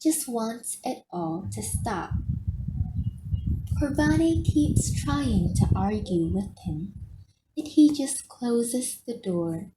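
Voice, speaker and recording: A woman reading a novel aloud as audiobook narration, in a soft storytelling manner. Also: fairly high pitch, expressive, slow, background noise. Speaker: audiobook reader.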